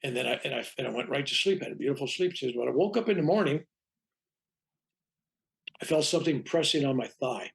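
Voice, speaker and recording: An older reverend tells a personal story as an interview guest. His voice is gravelly and mid-pitched. He rambles, restarts his sentences and acts out the dialogue. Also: lively intonation, fast, long pauses. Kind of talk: anecdotal storytelling in conversation.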